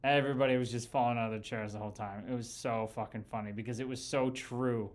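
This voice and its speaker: A man's voice: mid-range voice, fairly even intonation, fast talker. A man hosting a casual live chat, telling rambling, profane stories about his pro hockey days with lots of fillers and restarts. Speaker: podcast host and former pro hockey player. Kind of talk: casual livestream chat with viewers.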